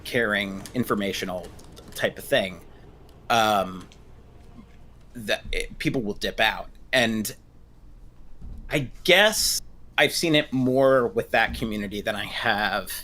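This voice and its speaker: Male therapist, 30s, bright timbre, hesitant conversational delivery. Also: fairly low pitch, slow, long pauses. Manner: hesitant, many restarts and fillers. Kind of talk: casual discussion.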